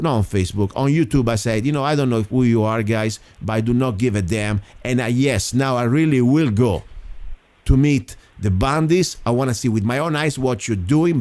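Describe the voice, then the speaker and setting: A man's voice: mid-range voice, darkish tone. A man hosting a small local show, talking in a frustrated, indignant rant. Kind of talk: heated talk-show monologue.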